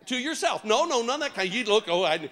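Picture a man with a notably high voice standing before a church congregation, calling people up and coaxing them along. He teases and jokes with the crowd in a lively, interactive way. He sounds loose and playful as he keeps the room involved. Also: fast. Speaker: preacher leading a congregation.

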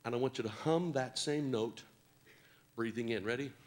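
A man's voice: mid-range voice, moderate pace. A man preaching to a congregation in a church hall, coaxing them with playful teasing and jokes. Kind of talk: lively interactive church talk.

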